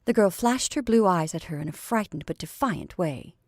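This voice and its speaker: A woman narrating a classic story in a measured, expressive reading. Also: lowish voice, no echo, clean studio sound.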